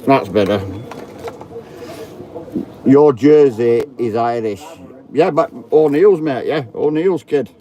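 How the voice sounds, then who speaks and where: In his 30s, this vlogger chats casually to the camera outdoors in the rain, joking around and swearing a lot. His mellow, medium-pitched voice has lively intonation, a slow pace, and long pauses. Crowd chatter fills the background of the outdoor recording.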